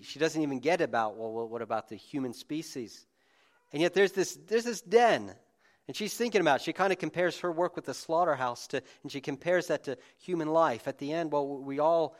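A man's voice: on the high side, animated, normal speed. A man preaching a conversational sermon to a gathered congregation, speaking informally with frequent restarts and asides. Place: room with a live congregation.

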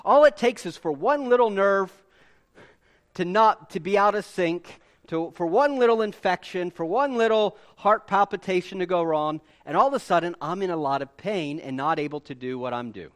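A man preaching a sermon with animated delivery and emphatic repetition. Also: sits high, moderate pace. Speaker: pastor.

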